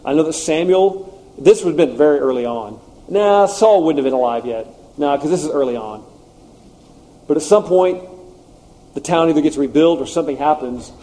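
Mellow-voiced male preacher. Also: fairly high pitch, normal speed. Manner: conversational, animated asides. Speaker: pastor. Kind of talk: sermon.

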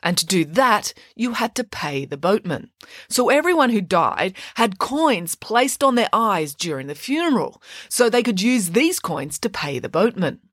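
A woman's voice: mid-range voice, very animated, a little slow, no room sound, clean studio sound. A woman narrating a children's myth retelling with playful asides, as host of a story show.

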